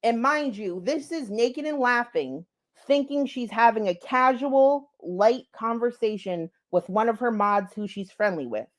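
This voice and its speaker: A woman's voice: on the high side, animated, measured pace. A woman vlogger giving blunt, profane commentary and talking straight to her viewers. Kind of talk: casual drama commentary.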